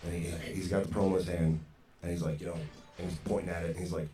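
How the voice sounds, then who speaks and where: A man's voice: low-pitched, level tone, quick pace, dark tone, soft background music. A man, a podcast guest, telling a story in a frank, conversational way with lots of "you know". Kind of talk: casual storytelling. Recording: roomy echoey sound, faint background noise.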